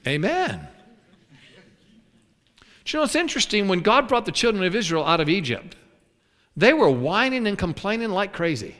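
An animated male preacher with a high, lively voice that swoops up and down. His tone is bright and forceful, and it rings out with a long reverb in a large hall. He acts out complaining voices as he preaches. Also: a little fast. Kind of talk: sermon.

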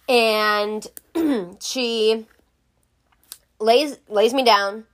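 A woman's voice: on the high side, very slow, pauses often, fairly bright tone. A young woman telling a storytime vlog in a blunt, exasperated, profane way. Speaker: vlogger.

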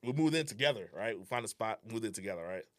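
A man's voice: lowish voice, quick pace. A young man in casual conversation, telling a personal story and acting out the dialogue, with slang and swearing. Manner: animated, reenacting dialogue; slangy and profane. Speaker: guest.

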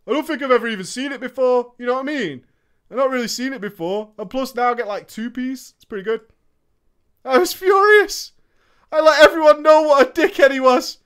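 A man hosting a casual show, reading out viewer stories and reacting. He is animated, swears a lot and laughs often. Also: extremely high pitch, smooth. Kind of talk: casual storytelling chat.

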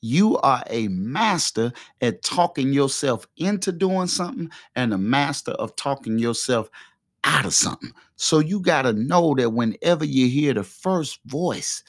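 This man's mid-range voice has lively intonation and an unhurried pace, recorded dry. Hosting a podcast from a quiet room on a close mic, he delivers a fervent, preachy motivational monologue, urging listeners over and over.

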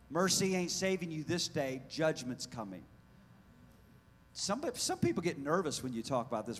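A man preaching a fiery sermon in a church, swinging between hushed lines and loud shouting. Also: a little high, big-room sound, a little hiss or hum. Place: church hall.

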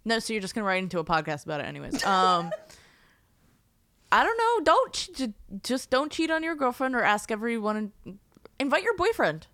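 A woman's voice: a little high, big pitch swings, normal speed, fairly bright tone, dry recording, clean studio sound. A woman hosting a casual podcast chat, giggly and blunt, swearing freely. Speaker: podcast host.

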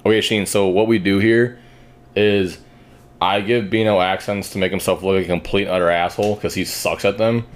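A man's voice: low-pitched, steady tone, a little fast. Crude joking male podcast host. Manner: crude, joking, laughs often. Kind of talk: crude casual banter.

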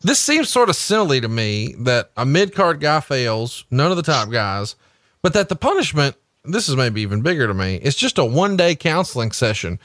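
A man's voice: mid-range voice, big pitch swings, normal speed, a bit bright, dry recording, clean studio sound. Male podcast host, mid-range voice, persistent questioner. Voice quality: pressing, conversational questioner. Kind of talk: interview questioning.

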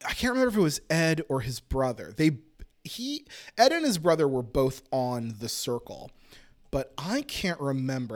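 A man co-hosting a podcast in casual chat, launching into excitable, laughing rants with plenty of swearing. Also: fairly high pitch. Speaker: podcast co-host.

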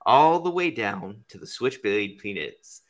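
Low-voiced man riffing crude jokes. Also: very animated, a little slow. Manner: rambling, profane, laughs at own jokes. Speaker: podcast host. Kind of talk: crude comedic banter.

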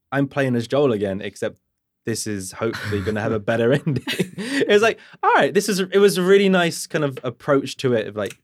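A man's voice: medium pitch, no room sound, studio quality. A man chatting casually, acting out game moments as he tells them. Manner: animated storyteller, acts out scenes. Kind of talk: casual chat.

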